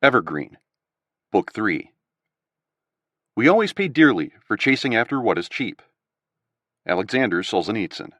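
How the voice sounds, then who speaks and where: A man narrating an audiobook in an expressive, varied storytelling manner. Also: fairly low pitch, moderate pace, long pauses, no echo. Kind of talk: scripted narration.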